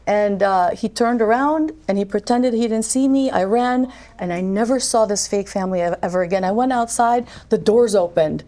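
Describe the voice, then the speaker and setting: A woman's voice: mid-range voice, fairly quick, dark tone. A woman in her forties from Albania, a podcast guest telling a personal story in vivid detail and acting out the voices she quotes.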